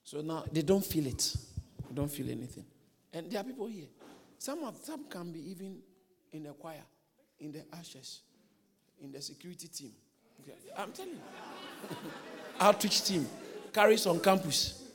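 A pastor's voice, fairly high and animated, moves at a moderate pace with frequent pauses, echoing around a church hall. In his sermon he tells a story with energy, returning to repeated phrases and asking the congregation questions.

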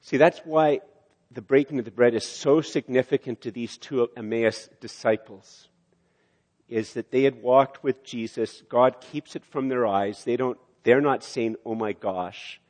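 An older man preaching a sermon, acting out quotes and rising to loud emphasis. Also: mid-range voice, a little slow. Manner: animated, rises loud for emphasis, acts out quotes. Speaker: pastor. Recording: long hall reverb.

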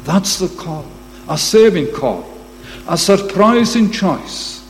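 A man delivering a sermon with a slightly high, animated voice that climbs and drops as he presses each point. He grows emphatic when he quotes scripture. His words ring out in a long reverberant hall over a faint hum. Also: slow pace. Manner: emphatic, rising to bursts when quoting scripture. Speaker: preacher.

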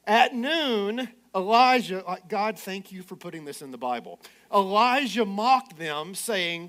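A man preaching a sermon, animated and playful, with sarcastic asides as he retells a story. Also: high-pitched, measured pace. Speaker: pastor.

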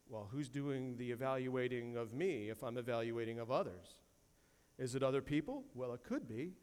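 A man's voice: medium pitch, a little mellow, long reverb tail. A man preaching a sermon as pastor, emphatic, repeating key phrases and quoting scripture from a church sanctuary.

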